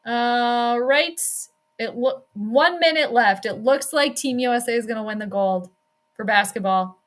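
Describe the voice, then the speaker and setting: A young woman streams sports, doing her own casual live play-by-play as she chats and reacts aloud to the games she watches. Her voice is on the high side and unhurried.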